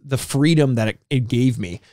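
A man's voice: medium pitch, moderate pace, dark tone, dry recording, studio quality. A man co-hosting a podcast in casual chat, reflective and rambling, often restarting his sentences. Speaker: podcast co-host.

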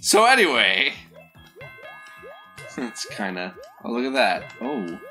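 A man's voice: mid-range voice, huge pitch swings, slow, over music. A young man co-hosting a let's play, joking crudely and laughing often with friends. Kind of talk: casual gaming banter.

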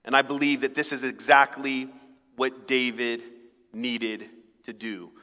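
A man's voice: mid-range voice, flat delivery, measured pace, pushed and bright. A man preaching a sermon as pastor, talking in a conversational, humorous way and acting out little dialogues. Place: church sanctuary. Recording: long reverb of a church hall.

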